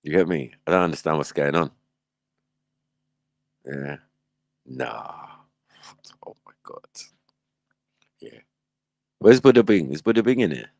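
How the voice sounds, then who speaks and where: A man's voice: extremely low pitch, lively intonation, measured pace, vocal fry, pauses often, a little mellow, dry recording. A man hosting a livestream, reacting in casual, slangy commentary and laughing often. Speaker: livestream host.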